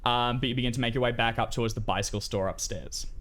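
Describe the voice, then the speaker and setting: A man's voice: mid-range voice, fairly even intonation, quick pace, fairly bright tone, a little hiss or hum. A man narrating a tabletop role-playing game as game master, in a loose, rambling way with many fillers.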